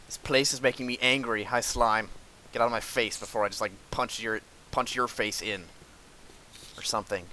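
A man giving let's play commentary, sarcastic and easily frustrated, with sudden yells at monsters. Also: medium pitch, steady tone, moderate pace, a little hiss or hum. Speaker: gamer.

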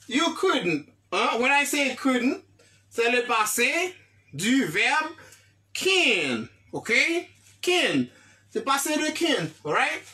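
Slow-paced bright woman teaching English. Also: high voice, big pitch swings. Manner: slow, repeats words and checks understanding. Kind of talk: online English lesson.

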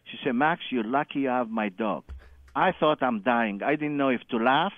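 A man's voice: medium pitch, normal speed, no echo, phone-quality sound. A man calling in and telling a long anecdote, acting out every quoted line with loose, non-standard grammar. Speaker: caller. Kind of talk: animated anecdote storytelling.

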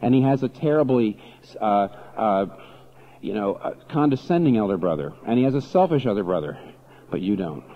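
Animated male preacher, dull recording. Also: on the low side, a little fast. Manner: animated preaching, rhetorical questions. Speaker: pastor. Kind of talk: sermon.

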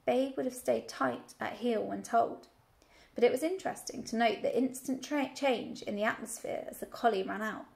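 A woman teacher reading a children's novel aloud in a steady storytelling manner. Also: fairly high pitch, normal speed, gravelly.

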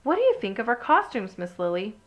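A woman with a gravelly voice reading aloud as a young female mouse ballerina, proud and impulsive, in a children's storybook. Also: mid-range voice, lively intonation, brisk, a bit bright.

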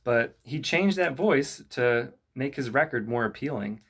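A young man with a voice of middling pitch talks kids through the basics of rapping. He keeps it loose and conversational, dropping plenty of "you know" and "kinda" as he goes. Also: lively intonation, measured pace, a bit bright, husky. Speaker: youth club rap instructor. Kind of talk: casual instructional talk to camera.

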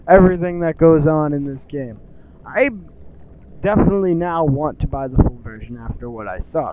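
A young man commentating his own game playthrough, excitable and swearing, shouting at the screen. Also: a little high, phone-quality sound, background noise. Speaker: gaming video host. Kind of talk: let's play commentary.

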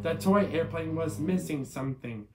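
A man reading a picture book aloud in a steady way, with small slips. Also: on the high side, moderate pace. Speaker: storybook reader. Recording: echoey room with guitar music.

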